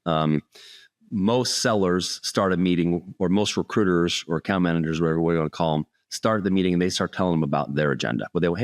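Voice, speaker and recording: A middle-aged man, a sales speaker, telling a personal story in an earnest, animated way during an interview. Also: low voice, fairly quick, dry recording, studio quality.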